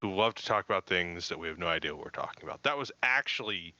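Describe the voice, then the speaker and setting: A man's voice: sits low, animated, fast talker, sharp tone, no echo, lo-fi sound. A man co-hosting a podcast in casual chat, joking and mocking himself. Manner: jokey, self-mocking banter. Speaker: podcast co-host.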